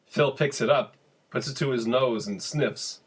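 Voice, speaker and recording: A man's voice: mid-range voice, unhurried, slightly rough. A man co-hosting a podcast in casual chat, laughing a lot and swearing casually. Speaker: podcast co-host. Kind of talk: casual podcast chat reminiscing about a show.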